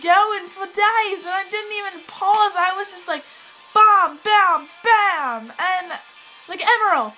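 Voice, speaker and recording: Speaking in a very high, pushed, bright voice, a woman rambles through a casual vlog in a fake, blended British accent. Her delivery is giggly, scattered, and dramatic. The recording is rough, and faint music plays behind her.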